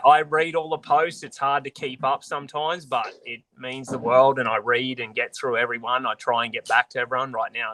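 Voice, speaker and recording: Easygoing aussie angler guy, bright tone, casual chat. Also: medium pitch, a little hiss or hum. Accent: Australian. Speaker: professional angler guest. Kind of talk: casual video call chat.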